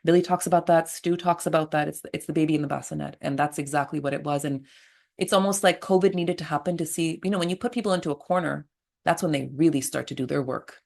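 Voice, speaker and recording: Blunt, animated woman telling birth stories. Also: deep voice, quick pace, creaky. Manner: blunt and animated, swears freely. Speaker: guest, birth attendant. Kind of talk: candid storytelling interview.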